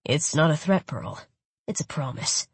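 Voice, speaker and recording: A woman's voice: expressive, unhurried, breathy edge, dry recording, exaggerated voice. A woman putting on a growling menacing man. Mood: threatening. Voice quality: low, muttering, growling.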